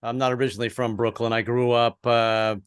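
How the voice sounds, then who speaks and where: A middle-aged American man doing an online stand-up set, halting and restarting, with deadpan punchlines. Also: medium pitch, clean tone, dry recording, clean studio sound. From American East Coast. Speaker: stand-up comedian. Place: home in Brooklyn, online show.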